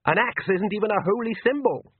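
A man's voice: sits high, fairly quick, breathy edge, no echo, phone-quality sound, voice pushed up. A man voicing a scornful, menacing male vampire count with a raised, commanding voice. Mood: sneering. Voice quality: sneering, commanding.

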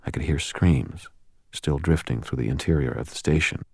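A man with an extremely deep, low voice reads an audiobook in a steady, measured first-person style. The recording is close and dry, with no room sound. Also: husky, no echo. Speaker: audiobook narrator. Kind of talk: scripted audiobook narration.

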